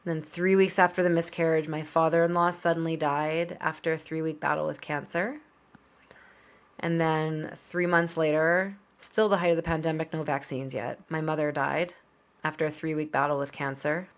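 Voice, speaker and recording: A woman in her thirties, a podcast guest, telling her personal story in an open, conversational way with quick asides. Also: sits low, flat delivery.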